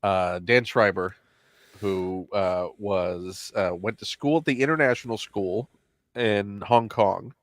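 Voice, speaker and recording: A man's voice: on the low side, slow, no echo. A man with a General American accent hosting a casual chat in a wry, playfully teasing way. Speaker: host.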